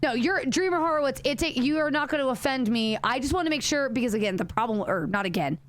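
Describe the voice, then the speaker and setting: A woman's voice: sits high, fast, dry recording. A woman streaming a horror game live, chatting casually with her viewers, swearing freely and rambling with lots of restarts and self-corrections. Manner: chatty and animated, swears freely, talks directly to chat.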